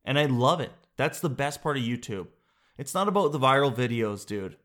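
A male comedian talks alone on his podcast in a casual, rambling way. He jokes freely, swears now and then, and wanders from one bit to the next with animated asides. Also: medium pitch, normal speed. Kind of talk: casual solo podcast chat.

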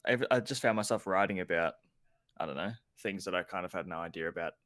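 A man's voice: deep voice, quick pace, fairly bright tone, no echo. A man in a band, talking casually and bluntly as a guest. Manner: laid-back, blunt, swears. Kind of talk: casual chat.

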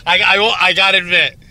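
A man's voice: high voice, steady tone, moderate pace, bright, forceful tone. A hungover man chatting boisterously as a podcast guest, laughing through his stories. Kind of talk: casual podcast chat.

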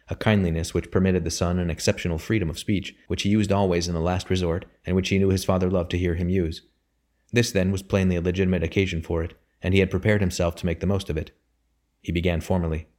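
Deep-voiced man narrating an audiobook. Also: darkish tone. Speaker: audiobook reader.

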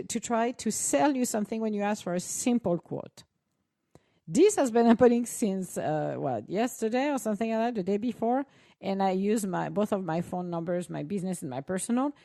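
A woman's voice: medium pitch, dark tone, dry recording, clean studio sound. A woman co-hosting a show, chatting casually and animatedly to her listeners with frequent exclamations and laughter. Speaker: co-host.

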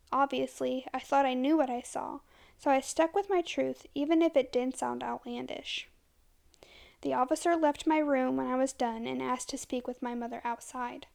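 Brief: woman narrator for a horror story, high voice with vocal fry, dramatic, hushed at the scary parts. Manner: dramatic, slow and hushed at tense moments.

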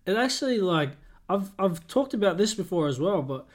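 A man's voice: sits high, very animated, moderate pace. A young Australian man hosting his own podcast, chatting casually in an upbeat, rambling way that often corrects itself. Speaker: podcast host. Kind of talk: casual solo podcast chat.

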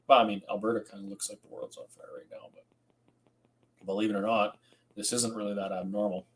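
A man's voice: mid-range voice, rough recording. A tired man hosting a rambling late-night livestream, reading out viewer comments and chatting casually. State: tired, yawning. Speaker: host.

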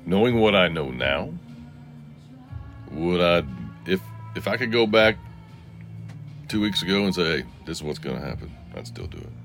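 A man with a very deep, gravelly voice rambles through a confessional solo podcast. His pitch swings widely between low murmurs and sharp sarcastic retorts. Faint music plays behind him. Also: lively intonation, moderate pace, pauses often. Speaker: podcast host.

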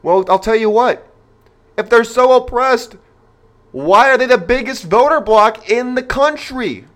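A man's voice: extremely high pitch, animated, unhurried, a bit bright. A man hosting a podcast, delivering an opinionated monologue in an emphatic, rhetorical manner and speaking straight to his listeners. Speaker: podcast host.

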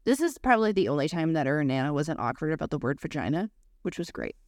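A young woman co-hosting a podcast, telling a story in casual chat, animated and swearing freely while acting out voices. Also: low-pitched, fast talker, dry recording, studio quality. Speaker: podcast co-host.

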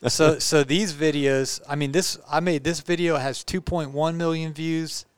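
A man's voice: fairly high pitch, fairly even intonation, normal speed, clear, resonant tone, no room sound, clean studio sound. A man hosting a casual interview, chatty and upbeat, firing off friendly questions. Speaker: host.

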